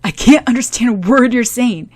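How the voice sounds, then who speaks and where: A woman voicing a proud, irritable young boy who speaks in an indignant, exasperated, forceful way. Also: a little high, moderate pace, pitched above the performer's own voice, natural voice.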